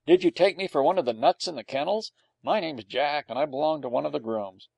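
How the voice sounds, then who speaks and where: Brief: man playing a gravelly, mellow terrier, knowing and brash, storybook. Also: a little high, brisk, dry recording. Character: young male boy-doted terrier, streetwise and blunt.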